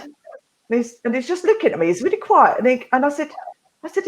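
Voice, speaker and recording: A woman's voice: sits high, quick pace, low-quality recording. A woman hosting a live therapy talk, rambling casually through a story and laughing often. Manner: chatty, laughs often, animated.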